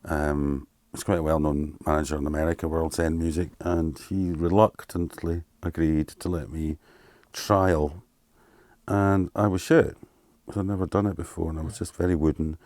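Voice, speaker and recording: A man's voice: a bass voice, normal speed, no echo. A Scottish man in his fifties, a keyboard player telling candid stories in an interview and acting out what people said. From Scotland. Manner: candid, animated anecdotes with acted-out quotes and swearing. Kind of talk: casual storytelling interview.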